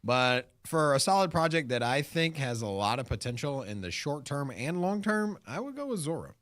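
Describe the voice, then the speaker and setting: A man's voice: fairly high pitch, normal speed, no room sound. Guy co-hosting a crypto chat, rambles a lot, voice jumps all over, dry close sound. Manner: animated, rambling with restarts and fillers. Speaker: crypto show co-host. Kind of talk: casual chat.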